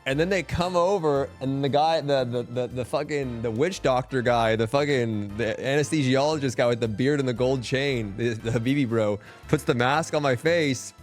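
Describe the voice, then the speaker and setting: A young man in the middle of his usual pitch spins a long story in a loose, rambling way, packing it with filler words and swearing. Faint music sits quietly behind his voice. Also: moderate pace, hardly any pauses. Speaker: streamer. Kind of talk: casual storytelling.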